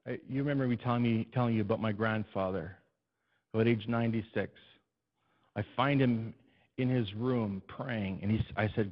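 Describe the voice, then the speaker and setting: A male preacher giving an animated, storytelling sermon and addressing his congregation in a church. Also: on the low side, normal speed. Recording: dull, muffled recording.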